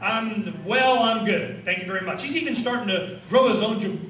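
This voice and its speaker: A man giving an animated rally speech at a conference, firing off rhetorical questions and leading chants. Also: high voice, normal speed. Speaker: conference speaker. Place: conference hall with audience. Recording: echoey hall, distant mic, crowd.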